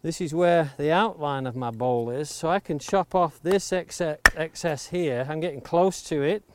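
This is a hands-on demonstration tutorial recorded outdoors near the coast, where a woodcarving instructor explains each step of shaping a wooden blank with an axe and stresses safety. His voice is on the high side at a moderate pace, and axe chops and clicks are clearly audible behind him.

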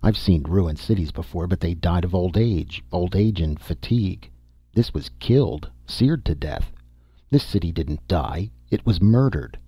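Man voicing a gruff impatient explorer. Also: sits low, animated, unhurried, dry recording, dull audio, exaggerated voice. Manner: blunt, impatient.

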